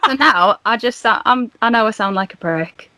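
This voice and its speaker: Female guest, giggly, pokes fun at herself, slightly high, dry close sound. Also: animated, normal speed, bright, forceful tone, no echo. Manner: giggly, self-deprecating. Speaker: podcast guest. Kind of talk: casual comedy chat.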